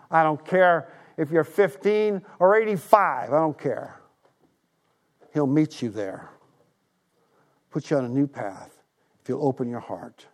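A man in his sixties preaching a sermon, retelling a story with emphasis and making earnest appeals. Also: high voice. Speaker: pastor.

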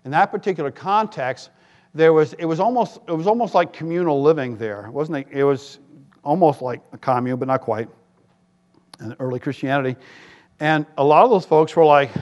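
A man preaching a sermon as pastor, animated, jumping to loud, high quoted voices and dropping into wry asides. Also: normal speed. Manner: animated, rises to shouts for quoted voices, self-deprecating asides. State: tired.

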